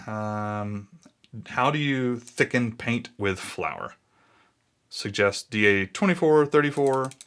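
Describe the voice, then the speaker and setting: A man's voice: on the low side, fairly bright tone. Man muttering his thoughts aloud. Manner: thinking aloud, easily sidetracked, muttering. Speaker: blogging YouTuber. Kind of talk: casual screen-recording walkthrough.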